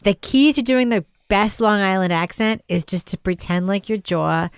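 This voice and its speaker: Smooth-voiced woman hosting a chatty podcast. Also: mid-range voice, moderate pace, dry recording, clean studio sound. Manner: chatty, playful, leads the discussion. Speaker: podcast host. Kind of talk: casual podcast review chat.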